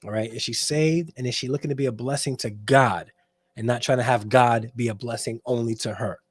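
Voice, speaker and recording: Male host, mid-pitch, emphatic and preachy, dry close sound, for a dating-advice livestream. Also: a little fast, husky, no echo. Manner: preachy, emphatic, frequent restarts and checks like "all right?".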